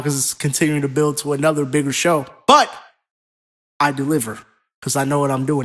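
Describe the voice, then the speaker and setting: A man co-hosting a casual podcast, talking in an animated, profane, rambling way. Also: on the high side, normal speed. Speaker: co-host.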